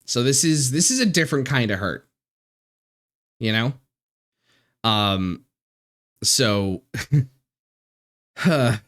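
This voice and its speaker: A man's voice: medium pitch, expressive, a bit bright. Emotional man, close to tears. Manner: emotional, halting, many restarts and fillers, swears. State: near tears. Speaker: streamer. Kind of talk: casual live-stream chat.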